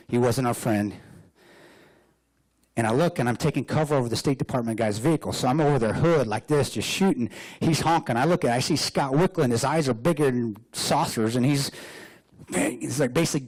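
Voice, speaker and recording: A man giving a lively storytelling speech as a guest speaker, joking and laughing often. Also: medium pitch. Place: hotel banquet room.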